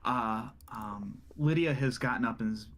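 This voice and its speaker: A man's voice: mid-range voice, normal speed, crowd noise. A man narrating a tabletop game as game master, loose and full of fillers. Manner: loose, rambling, with many fillers.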